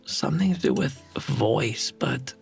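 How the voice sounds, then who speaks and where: A man's voice: medium pitch, expressive, unhurried, vocal fry, faint music behind. A South African man, native Afrikaans speaker, chatting casually on a game stream and rambling as he thinks aloud. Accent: South African English.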